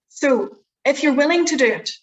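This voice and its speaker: A woman's voice: high-pitched, a bit bright, lo-fi sound. A woman presentation skills trainer leading a workshop, chatty and encouraging with polite requests. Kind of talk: workshop teaching.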